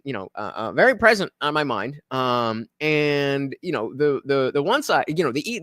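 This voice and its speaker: A man reacting to a podcast on a live stream, chatting casually and loudly shouting out donors. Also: medium pitch, no echo, studio quality. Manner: loud animated shout-outs to donors.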